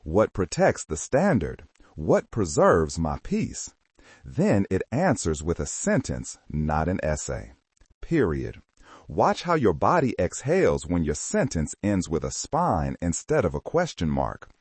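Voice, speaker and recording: Male narrator, low husky voice, dry close sound, dramatic scripted motivational read. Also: huge pitch swings, unhurried, a little mellow, no echo. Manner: dramatic, emphatic delivery.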